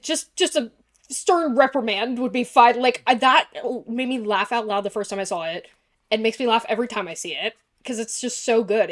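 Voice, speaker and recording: A woman giving a casual reaction commentary on a show, gushing and excitable, swearing freely. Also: a little high. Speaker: YouTuber.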